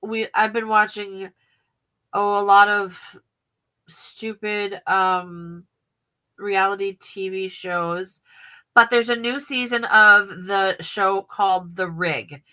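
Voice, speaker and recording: Bubbly woman host with a bright voice. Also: mid-range voice, steady tone, clear, resonant tone, poor audio. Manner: bubbly, quick affirmations, laughs often. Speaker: podcast host. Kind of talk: casual podcast chat.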